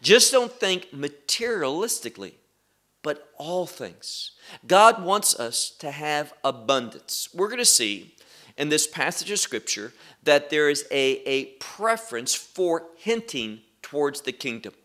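A man teaching a Bible study, explaining verses deliberately and with emphasis, and asking his listeners questions. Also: on the high side, sing-song, sharp tone.

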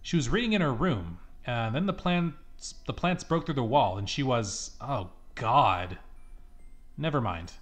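A man voicing a grieving father in a video game who speaks haltingly and trails off. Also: mid-range voice, lively intonation, lightly acted.

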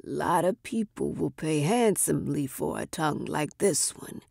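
A woman's voice: low voice, animated, measured pace, vocal fry, darkish tone, dry recording, pitched below the performer's own voice, full character voice. A woman voicing a smug, cruel male gambler who taunts in a sing-song way, read in a dry room. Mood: taunting. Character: smug cruel man, cigar-chomping gambler boss.

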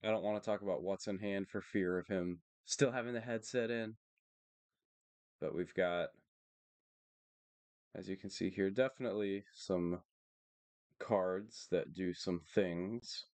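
A man streaming a card game tournament, calmly talking through the plays in a monotone, matter-of-fact way. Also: sits low, a little slow, pauses often, dry recording. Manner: steady and matter-of-fact, thinking aloud about plays. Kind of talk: live card game commentary.

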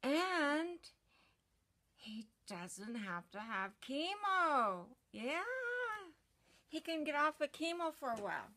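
A woman giving a casual personal vlog update to camera from home, chatty, with many ums and pauses. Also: sits high, sing-song, pushed and bright. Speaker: vlogger.

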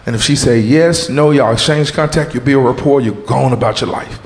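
A man doing a stand-up comedy set on a club stage, loud and animated, shouting punchlines, making sound effects and calling out audience members and crew. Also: mid-range voice, moderate pace. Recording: roomy club echo with crowd noise. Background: audience laughter.

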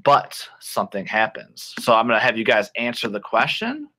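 A man teaching a children's English class online in a playful, animated way, with sound effects. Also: lowish voice, normal speed.

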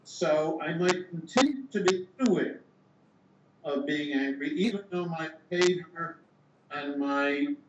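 An older man, a philosopher being interviewed, explaining ideas in a measured way and thinking aloud with small restarts. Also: a little high, far from the mic. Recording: echoey room, dull sound, background hiss.

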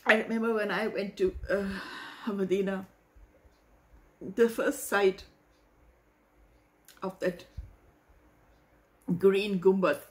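A woman hosting a reaction video, talking in an emotional, halting way and searching for words. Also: medium pitch, steady tone. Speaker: host reacting to a hymn. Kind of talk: casual reaction vlog.

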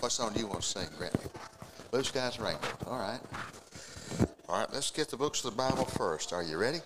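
Casting: a man leading a church children's class, mid-pitched, gentle and coaxing, faint background noise. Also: lively intonation, normal speed, pauses often, poor audio. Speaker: children's Bible class teacher. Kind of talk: children's Bible lesson with songs.

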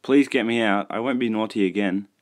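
A man's voice: low voice, normal speed, darkish tone, lightly acted. A man voicing a cheeky, boastful young male tank engine in a storybook reading. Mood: sorry. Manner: boastful, teasing. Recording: music behind, poor mic.

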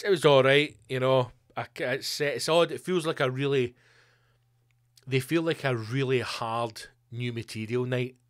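Scottish man, comedian host, casual monologue, sweary, rambling, jokey, mid-pitched, dry sound. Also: fairly bright tone, no echo.

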